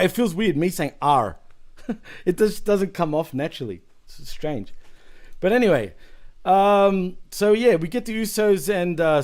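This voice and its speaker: A man's voice: a little high, darkish tone. A man hosting a casual wrestling podcast, chatty and rambling, with frequent laughs. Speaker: podcast host.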